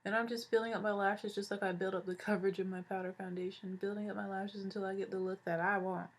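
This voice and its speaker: Young woman narrating her makeup, even tone. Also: medium pitch, fast. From Hawaii. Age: 20s. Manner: chatty, describes each step as she goes. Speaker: beauty vlogger.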